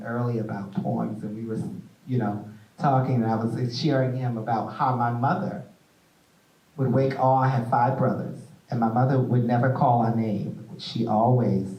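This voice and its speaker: A man hosting a stage interview, playful and animated as he tells stories. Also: medium pitch, far from the mic. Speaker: host. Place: theater stage. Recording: echoey room, mic from afar.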